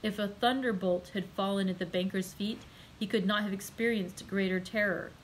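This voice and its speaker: A woman, a librarian, reading a classic novel aloud in a measured, clear way. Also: medium pitch, fairly even intonation, a little hiss or hum, poor audio. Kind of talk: audiobook read-aloud.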